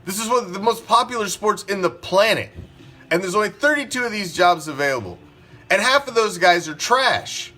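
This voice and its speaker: Male sports podcast host, higher voice, profane, peppers rhetorical questions. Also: lively intonation, moderate pace, pushed and bright, soft background music. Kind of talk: opinionated sports talk.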